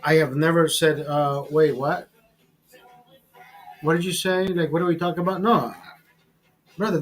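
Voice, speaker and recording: A high-voiced man, heard through a rough recording, drinks as he hosts his livestream. He's tipsy and bragging, swearing nonstop in a crude, casual rant.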